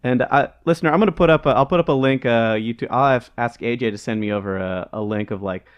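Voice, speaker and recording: A man's voice: medium pitch, quick pace, clear, resonant tone. Man, podcast co-host, casual chat, rambling, lots of fillers. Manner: rambling, searching for words with many fillers.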